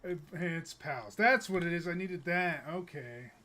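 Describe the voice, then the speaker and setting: A man's voice: on the high side, unhurried, bright, forceful tone. A young American man chatting casually while streaming a game, rambling with stammered restarts and chuckles. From United States. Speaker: gaming streamer.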